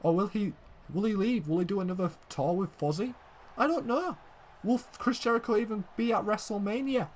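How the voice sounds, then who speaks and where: A young man doing play-by-play wrestling commentary, excitable and shouting at big moments, often calling out "ladies and gentlemen". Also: high voice. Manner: excitable, shouting when the action peaks, then calmer recap.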